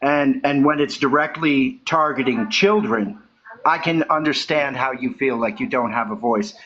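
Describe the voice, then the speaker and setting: A man's voice: medium pitch, moderate pace, a bit bright, highs cut off. A man on a panel call indignantly recounting what another caller said. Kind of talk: heated panel discussion.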